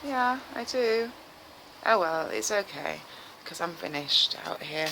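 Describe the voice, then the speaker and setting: A woman's voice: fairly low pitch, animated, takes it slowly, noisy background. A woman filming herself in her garden in winter, chatting casually to the camera and coaxing her cat in a cooing, sing-song voice. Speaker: vlogger. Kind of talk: casual vlog chat to camera. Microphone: handheld camera filming herself.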